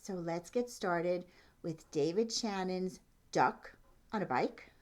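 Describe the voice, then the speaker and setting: A woman's voice: fairly low pitch, slow, a little mellow. A woman reading a children's picture book aloud, asking the listener questions about the pictures as she goes. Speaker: storytime reader.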